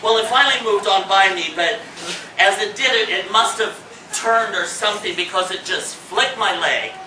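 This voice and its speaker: A man's voice: high-pitched, normal speed, distant mic. A man from Indiana performing a comic one-man storytelling show, acting out his panic with shrieked lines. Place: theater stage with a live audience. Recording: roomy hall, mic from afar, noisy.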